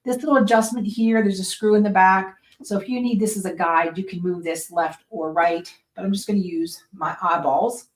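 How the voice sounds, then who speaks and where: A woman sewing instructor talks through a tutorial at her sewing machine. Her voice sits at a middle pitch, and she chats casually as she goes. She often checks in with her viewers. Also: steady tone, normal speed, hardly any pauses. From Western Pennsylvania. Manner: chatty, explains step by step with frequent "right?" and "okay?".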